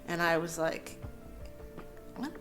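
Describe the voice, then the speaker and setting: A woman in her thirties sharing her personal story in an earnest, halting way, with fillers and soft laughs. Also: lowish voice, steady tone, soft background music. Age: 30s. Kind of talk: candid personal testimony.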